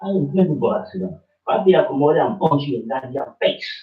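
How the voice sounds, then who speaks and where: A man's voice: mid-range voice, expressive, fairly quick. An older man in a congregation, talking in a rambling, blunt and worked-up way. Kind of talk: heated rambling talk. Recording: dull echoey room from far off.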